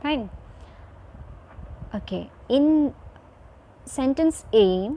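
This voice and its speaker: A woman's voice: a little high, expressive, slow, darkish tone. A woman teacher giving a recorded video lesson to children, repeating each point and checking in with "fine" and "okay".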